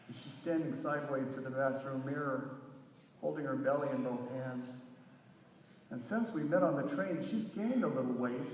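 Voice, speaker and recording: A man giving an animated live reading of a short story, now and then shouting quotes in a sing-song voice. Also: medium pitch, a little hiss or hum. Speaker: reader. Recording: echoey hall, recorded from far off.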